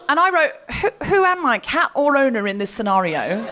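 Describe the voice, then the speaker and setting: Lively high-voiced woman telling a comic story. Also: fairly quick, few pauses, faint music behind. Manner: animated, laughing as she tells a story. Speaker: comedy podcast host. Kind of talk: live stand-up storytelling. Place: live comedy stage before an audience.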